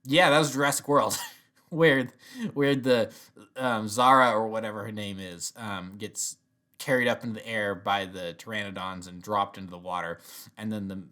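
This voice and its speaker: A man's voice: lowish voice, steady tone, moderate pace, pushed and bright. Rambling, chuckling male reviewer. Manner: chuckles often, rambling with many restarts. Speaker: TV episode reviewer. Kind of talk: casual spoken review.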